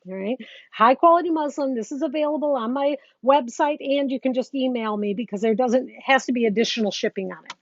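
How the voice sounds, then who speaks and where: A woman's voice: high-pitched, a little fast, no echo. A woman teaching quilting in a live demonstration, chatting casually as she works and greeting viewers. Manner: chatty, talks while working, greets viewers. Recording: dull lo-fi sound with faint noise.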